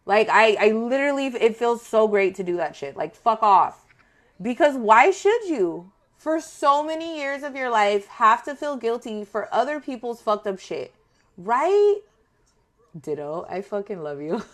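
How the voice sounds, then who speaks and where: A woman's voice: on the high side, sing-song, measured pace. Blunt, profane woman tarot reader. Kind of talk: casual spoken tarot reading.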